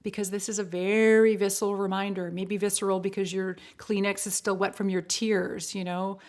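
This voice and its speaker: A woman at an ordinary middle pitch chats as a podcast guest. She talks in animated bursts, full of fillers and restarts. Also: moderate pace. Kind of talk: casual interview chat.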